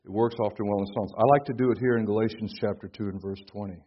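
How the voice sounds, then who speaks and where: A man preaching a sermon at a conference, swinging from hushed tones to booming emphasis. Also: fairly even intonation, rapid-fire, husky, muffled recording. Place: conference hall.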